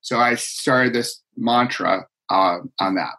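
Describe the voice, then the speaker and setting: A man's voice: mid-range voice, takes it slowly, gravelly, bright, forceful tone, poor audio. A middle-aged man, a guest executive coach, telling his story in an earnest, heartfelt way with many fillers. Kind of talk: conversational storytelling.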